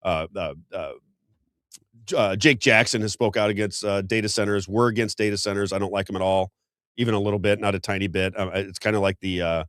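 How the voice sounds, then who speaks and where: A man's voice: on the low side, steady tone, fairly quick, a bit bright, clean tone, dry recording, clean studio sound. A man hosting a political talk show, talking in a heated way with frequent stumbles and restarts. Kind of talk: political commentary.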